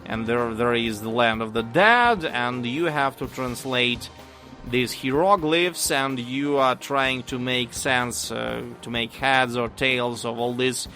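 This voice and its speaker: A man talks slowly in a relaxed podcast chat. His voice is bright and clear, and he tells stories with dry humor, filling pauses with ums and uhs. Faint music plays behind him. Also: mid-range voice. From Russia. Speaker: podcast co-host. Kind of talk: casual chat.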